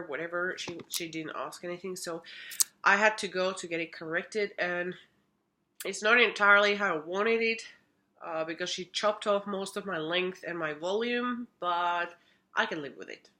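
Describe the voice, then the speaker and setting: Bright chatty woman vlogging, coos at her little pet now and then. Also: on the low side, moderate pace, a little hiss or hum. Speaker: makeup artist vlogger. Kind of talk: casual vlog chat.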